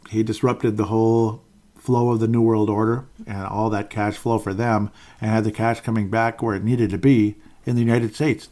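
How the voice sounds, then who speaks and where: Low-voiced rambling male podcaster. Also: darkish tone. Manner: rambling, opinionated, chuckles between points. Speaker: podcast host. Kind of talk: political commentary monologue.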